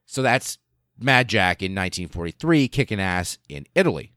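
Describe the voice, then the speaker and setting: Male podcast host, deep voice, dry close sound, casual profane storyteller. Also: normal speed, no echo. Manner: animated, profane, lots of fillers and voiced asides.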